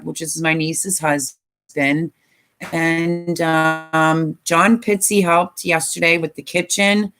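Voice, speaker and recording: A woman's voice: fairly low pitch, a bit bright. An older woman chatting casually on a live stream, tired and emotional, rambling with many fillers. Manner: emotional, rambling, tearful at times.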